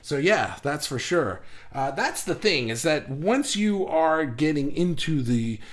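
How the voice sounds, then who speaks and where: A man's voice: fairly high pitch, expressive, a little slow. A man hosting a live stream, reading viewers' comments aloud and riffing on them in a rambling, self-mocking way. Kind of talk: casual live-stream chat.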